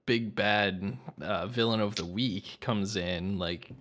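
A man's voice: on the low side, takes it slowly, hardly any pauses, a bit bright. A man co-hosting a podcast in casual chat, laid-back and wry. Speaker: podcast co-host.

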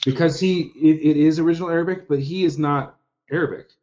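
A man's voice: a little high, fairly even intonation, quick pace, darkish tone. A man co-hosting a podcast in casual chat, who rambles and corrects himself as he goes. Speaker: podcast co-host. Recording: slightly muffled podcast mic.

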